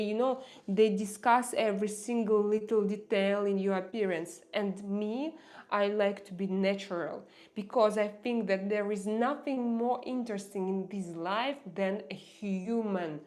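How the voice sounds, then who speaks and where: A woman whose first language is not English, hosting a casual livestream and answering viewer comments in an earnest, impassioned way, halting often with fillers and restarts. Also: mid-range voice, a little mellow. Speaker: livestream host.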